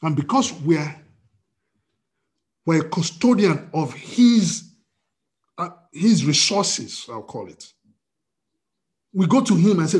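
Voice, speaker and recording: A man preaching a sermon as pastor, telling a personal story with acted-out dialogue and swings from loud to quiet. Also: on the high side, animated, takes it slowly, long pauses, husky. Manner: storytelling with quoted dialogue, wide swings in loudness. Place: church service via video call.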